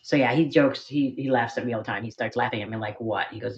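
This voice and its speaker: A woman's voice: extremely low pitch, animated, quick pace. Middle-aged woman, rambling self-deprecating seller chat, home room, slightly muffled sound. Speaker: online jewelry seller. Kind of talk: live-stream auction chat. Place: spare bedroom at home.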